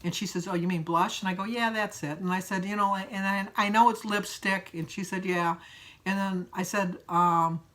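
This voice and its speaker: A woman's voice: medium pitch, steady tone, moderate pace, a bit bright. A middle-aged woman from the United States chatting casually in a rambling, storytelling way with frequent fillers. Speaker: vlogger. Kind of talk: casual chat.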